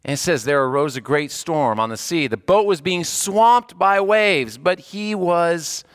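A man preaching a conversational sermon, moving between animated bursts and quiet, hushed passages. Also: on the high side, a little slow, clear, resonant tone, dry recording, clean studio sound. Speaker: pastor.

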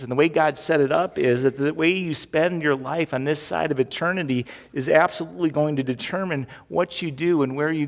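A man preaching a sermon as pastor, talking conversationally and asking the congregation direct questions. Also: on the high side. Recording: long hall reverb.

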